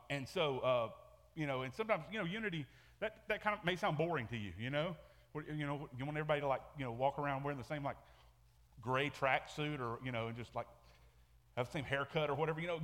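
A man's voice: on the high side, fairly bright tone. Conversational preacher man in a reverberant hall. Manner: conversational, repeats words and restarts often. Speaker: pastor. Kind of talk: sermon. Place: church sanctuary.

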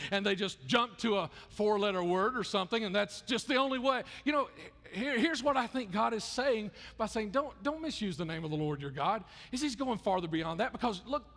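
Gravelly high-voiced pastor in a hall. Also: male voice, a bit bright. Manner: earnest, conversational, repeats and restarts words. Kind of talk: sermon.

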